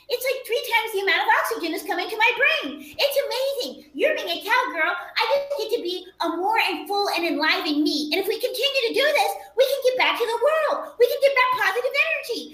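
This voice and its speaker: A woman's voice: very high-pitched, expressive, fairly quick, hardly any pauses, sharp tone, full character voice. A woman playing a gushing woman fresh from a spiritual retreat, heaping effusive praise on everyone, in an echoey room. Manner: effusive, over-the-top praise.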